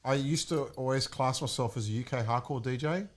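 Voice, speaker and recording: Animated man telling stories. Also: mid-range voice, brisk. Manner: animated storyteller, laughs while telling. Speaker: DJ and podcast regular. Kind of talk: casual chat, storytelling.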